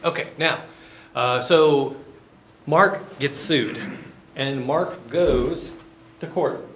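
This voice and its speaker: A male business professor, lecturing through a folksy, joking story. His voice sits at a middle pitch and moves in a relaxed conversational way, with a faint steady hiss behind it. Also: drawn-out words.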